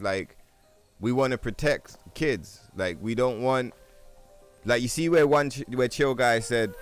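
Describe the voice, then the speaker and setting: A man commenting loosely on a video game stream, cursing every few words. His voice sits at a middle pitch for a man, with faint music running underneath. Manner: profane, swears constantly. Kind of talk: casual gaming stream commentary.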